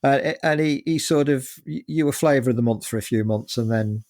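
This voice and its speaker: An English man in his seventies, with a gravelly, rough-edged voice, rambles through his stories in an easy interview chat. His pitch sits in a plain middle range. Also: fairly quick, darkish tone. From England. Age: 70s. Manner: chatty, rambling with many fillers. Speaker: guest musician. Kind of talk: casual anecdotal storytelling.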